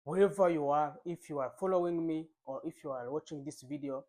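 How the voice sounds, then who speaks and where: A man's voice: on the high side, darkish tone. A man teaching a beginner Mandarin lesson. He repeats each drill over and over, drawing out the tones and coaxing viewers to repeat after him. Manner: slow and repetitive, drawing out tone drills.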